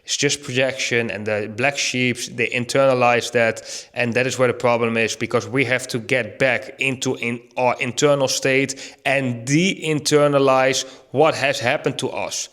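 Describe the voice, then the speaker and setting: A man in an earnest, reflective monologue, thinking aloud with rhetorical questions and slowing down to stress key words. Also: mid-range voice, steady tone, a bit bright. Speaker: vlogger.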